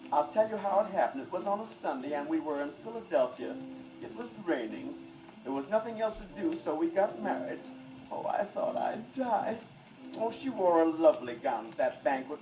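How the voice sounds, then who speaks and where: A man's voice: on the high side, warm tone. Wisecracking man on a scratchy 1920s record. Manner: wisecracking, laughs at own jokes. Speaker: vaudeville comedian. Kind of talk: stand-up comedy monologue. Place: recording studio. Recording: scratchy 1920s phonograph record, distant and roomy.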